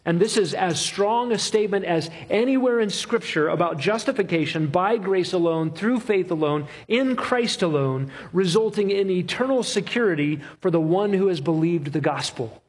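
A man preaching an expository sermon, emphatic, with rhythmic repetition and slow, stressed phrases. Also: high-pitched, slightly rough.

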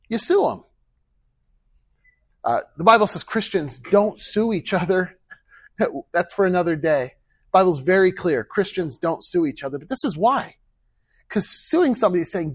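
A man's voice: sits high, animated, moderate pace, dry recording. A man preaching a sermon as pastor, earnest and conversational, with rhetorical questions and acted-out quoted speech.

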